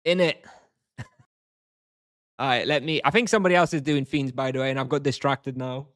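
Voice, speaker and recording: Man, game streamer, casual rambling chat, mid pitch, dry recording. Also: moderate pace, a bit bright, dry recording. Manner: rambling, reads chat aloud and answers.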